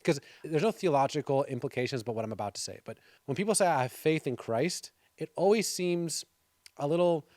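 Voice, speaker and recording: A man's voice: a little high, lively intonation, a little fast, a little mellow, no echo, clean studio sound. A man hosting a faith TV interview, chatting with his guest in a conversational, playful way. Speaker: TV show host. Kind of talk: casual interview chat.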